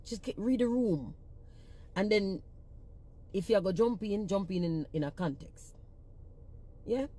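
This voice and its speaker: Jamaican woman, patois-heavy, profane casual rant, warm dark timbre, mid pitch. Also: lively intonation, a little slow, long pauses. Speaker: reggae singer-songwriter. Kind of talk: casual social media rant.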